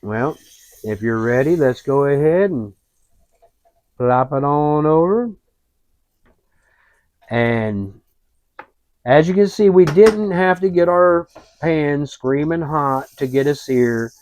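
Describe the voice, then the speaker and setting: Slow, easygoing man narrating cooking. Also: on the high side, no room sound. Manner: relaxed, folksy, rambling with fillers. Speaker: cooking show host. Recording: dull lo-fi, dry.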